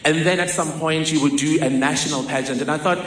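A man's voice: a little high, fairly even intonation, quick pace, a bit bright. A man from telling a vivid, self-mocking personal story on stage in a large hall. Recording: echoey hall with faint noise.

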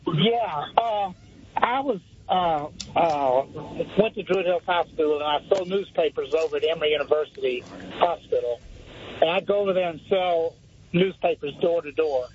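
A man in his seventies calling into a radio show and telling a story in a folksy, unhurried way. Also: fairly high pitch, slight background noise. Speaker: caller. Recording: dull lo-fi radio broadcast.

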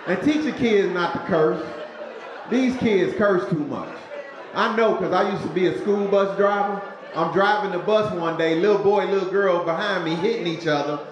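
A man's voice: sits high, moderate pace, reverberant, highs cut off, crowd noise. Punchy stand-up comedian man. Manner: storytelling, punchy delivery. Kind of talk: stand-up routine.

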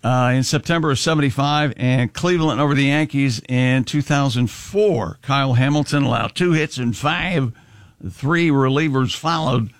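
A man's voice: mid-range voice, no room sound, studio quality. A man hosting a casual radio show, reading sports scores and odd news with jokes. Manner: reads headlines briskly with jokes and laughs. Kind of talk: casual morning radio chat.

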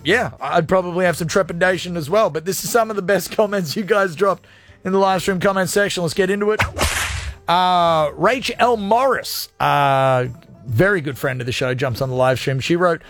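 A joking radio host with a voice pitched high for a man. He reads out listener comments in a casual, loose way and swears freely, with faint music playing behind him. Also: moderate pace, a bit bright, no echo. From Australia.

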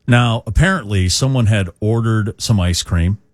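A man's voice: fairly low pitch, moderate pace, dry recording. A man hosting morning rock radio, chatting in a rambling, opinionated way with lots of fillers. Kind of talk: radio talk. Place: radio studio. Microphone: studio microphone.

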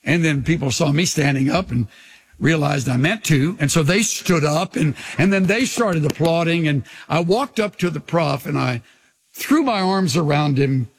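A man preaching a sermon in an earnest way, slowing down to linger on key phrases and dropping to a hush at times. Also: fairly high pitch, lively intonation, breathy edge. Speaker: pastor.

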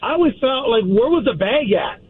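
High-voiced male caller on a phone line. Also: big pitch swings, fairly quick, no echo. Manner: friendly, easygoing. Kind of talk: call-in radio talk. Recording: husky voice over a tinny phone line.

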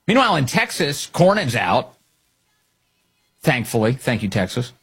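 A man's voice: mid-range voice, very animated, a little slow, pauses often, fairly bright tone, slightly rough, faint music behind. A middle-aged man hosting opinionated political commentary, sarcastic and mocking, laughing often.

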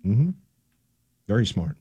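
A man's voice: on the low side, big pitch swings, slow, dark tone, slightly rough. A man hosting a sports talk radio show, chatting casually and bantering with his co-host.

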